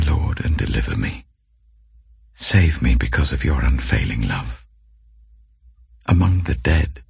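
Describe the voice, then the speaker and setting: A man giving a slow, solemn Bible reading in a grave, measured way. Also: rumbling low, vocal fry, breathy edge, dry recording, clean studio sound. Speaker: scripture reader.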